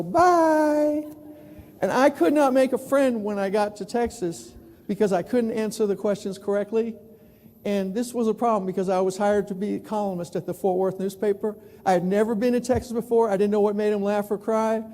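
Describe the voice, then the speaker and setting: A man in his sixties from New York City, giving an animated storytelling keynote talk. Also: high-pitched, a little fast. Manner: animated, acts out other people's voices. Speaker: keynote speaker, newspaper columnist. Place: large conference hall. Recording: echoey hall with long reverb.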